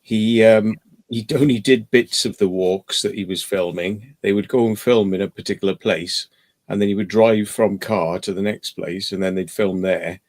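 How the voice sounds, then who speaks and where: A man in casual group chat, hesitant with many pauses while telling an anecdote. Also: on the low side, steady tone, darkish tone. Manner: hesitant, lots of ums and uhs while telling stories. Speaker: chat participant.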